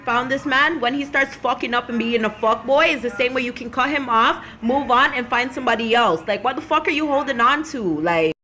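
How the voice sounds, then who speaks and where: Young woman, vlogger, blunt profane rant, fairly high, very bright voice. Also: a little fast, few pauses, slight background noise. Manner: blunt, profane, ranting, slips into patois-style slang. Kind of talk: casual vlog and rant to camera.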